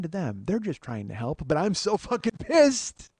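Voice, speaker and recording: Guy on a comedy podcast ranting, kinda high voice, dead dry sound, swearing a lot, goes quiet then blows up. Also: wildly swooping pitch, moderate pace, slightly rough, no echo. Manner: profane, exasperated, swings from low mutter to loud outbursts. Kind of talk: storytelling monologue.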